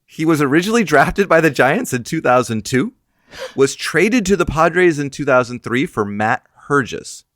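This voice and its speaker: A man's voice: on the high side, animated, moderate pace, a bit bright, no room sound, studio quality. A man co-hosting a casual podcast chat, teasing and coaxing his co-host to open up, then reading out a trivia answer. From United States.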